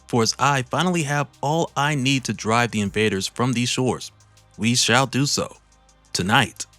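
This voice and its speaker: A man's voice: medium pitch, normal speed, pushed and bright, dry recording, soft background music, close to an everyday voice. A man reading the lines of an imperious armored villain monarch in a grand, formal, commanding way. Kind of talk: read-aloud comic narration.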